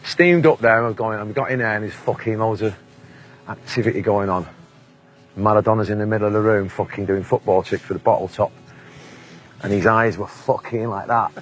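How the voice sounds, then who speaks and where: A man's voice: fairly low pitch, steady tone, a little fast. A Mancunian man in his forties, telling blunt, sweary anecdotes in a casual interview and laughing often. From England.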